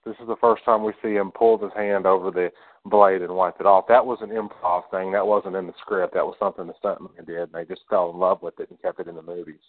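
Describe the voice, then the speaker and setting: Deeper-voiced guy stammering through movie trivia, super into it, phone-ish dry sound. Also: level tone, fast, dry recording, phone-quality sound. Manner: stammering, enthusiastic, trivia-minded. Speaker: podcast co-host. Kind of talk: casual movie discussion.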